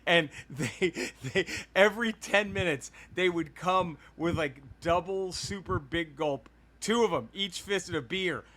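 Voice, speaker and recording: A man's voice: sits high, measured pace, few pauses. A man and podcast co-host telling a long, profane childhood story in casual chat, laughing as he goes. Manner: animated, profane, laughs through stories.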